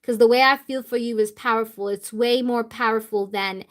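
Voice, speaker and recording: Woman doing a tarot channeled reading, kinda high voice, repeats herself a lot, swears casually. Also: steady tone, moderate pace, fairly bright tone. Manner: repetitive, emphatic, casual swearing. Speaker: tarot reader.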